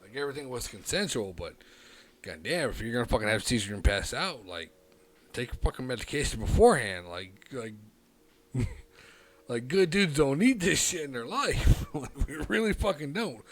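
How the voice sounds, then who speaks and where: Streamer guy, mid-pitched, cussing his way through a rambling story, quiet one moment and loud the next. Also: normal speed. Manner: profane, rambling anecdote with frequent fillers; animated, swings between hushed and loud. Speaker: livestream host. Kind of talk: casual livestream storytelling.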